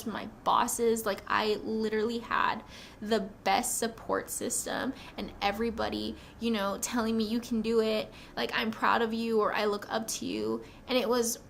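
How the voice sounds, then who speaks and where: A young woman telling her personal story in a casual vlog, rambling and excitable, with many "like"s. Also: fairly high pitch, gravelly, slight background noise. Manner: rambling, excitable, says "like" often. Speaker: new nurse vlogger.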